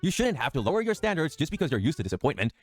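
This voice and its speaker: Fast-talking, mocking male commentator. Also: on the high side, big pitch swings, faint music behind. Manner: mocking, incredulous. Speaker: video commentator. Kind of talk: critical commentary video.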